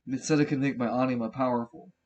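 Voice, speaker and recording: A man's voice: mid-range voice, fairly even intonation, fast, a little mellow, highs cut off, natural voice. A man voicing a secretive male character who has a migraine and speaks in short, guarded warnings. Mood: strained, guarded.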